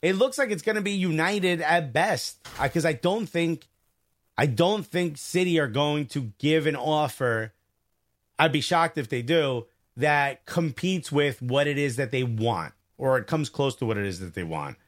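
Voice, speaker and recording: A man co-hosting a live streamed football chat show, talking fast and emphatically and asking his co-host pointed hypothetical questions. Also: a little high.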